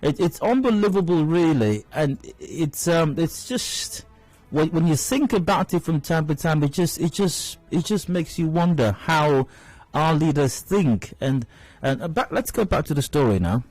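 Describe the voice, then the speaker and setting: A man's voice: fairly high pitch, lively intonation, a little slow, darkish tone, no room sound, soft background music, rough recording. A Nigerian man hosting a radio show, giving indignant, emphatic commentary and repeating phrases for stress. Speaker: radio host. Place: radio studio. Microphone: studio mic.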